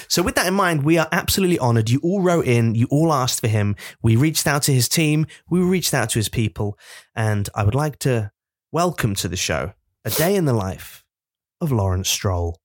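A man's voice: medium pitch, lively intonation, normal speed, dry recording, clean studio sound. A man co-hosting a comedy podcast, chatting casually, with lots of fillers and easy laughter. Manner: hesitant, filler-heavy, laughs easily. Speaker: podcast co-host.

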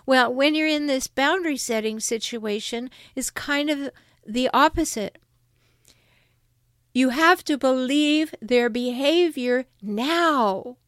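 A woman giving earnest, encouraging relationship advice as a coach and author, speaking directly to her listeners with emphatic, steady reassurance. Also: high-pitched, unhurried, clean tone, no echo, studio quality. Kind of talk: direct-to-camera advice talk.

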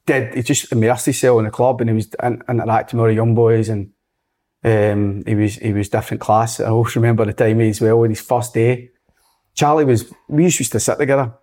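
Scottish ex-footballer telling stories. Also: male voice, mid-range voice, brisk. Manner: lively storyteller, acts out quotes. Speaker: former footballer, guest. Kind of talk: casual anecdote telling.

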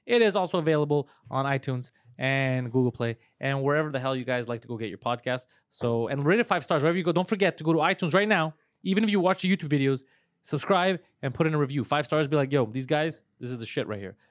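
Schnell redender, fluchender Mann. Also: male voice, fairly high pitch, no echo, clean studio sound. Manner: fast, profane storytelling with many fillers. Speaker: comedian podcast host. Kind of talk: casual chat.

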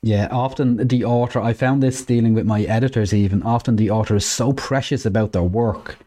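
A man's voice: lowish voice, brisk, mellow. A man co-hosting a podcast, asking an interview guest questions in an easygoing way. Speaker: podcast co-host. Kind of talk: casual interview chat.

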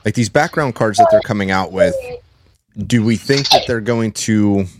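A man hosting a podcast in casual chat, laid-back with drawn-out fillers. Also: lowish voice, very noisy. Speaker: podcast host.

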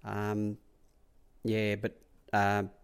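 Australian man, low voice, rambling anecdotes, casual chat. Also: monotone, drawn-out words, creaky, smooth. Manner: rambling, repeats "he said" and "I said". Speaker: racehorse track rider.

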